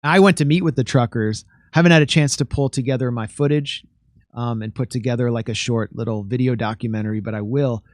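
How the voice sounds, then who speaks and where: A man appearing as a guest commentator, laying out his points earnestly and pressing forward through restarts. His voice sits at an ordinary middle pitch. The recording is close and dry. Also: steady tone, no room sound. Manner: earnest, rapid, with restarts and fillers. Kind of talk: casual political chat.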